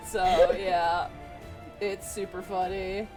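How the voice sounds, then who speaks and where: Animated, laughing woman streamer telling stories. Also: on the high side, takes it slowly, over music. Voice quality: animated storyteller who laughs often and swears casually. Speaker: streamer host. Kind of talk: casual chat before a tabletop game.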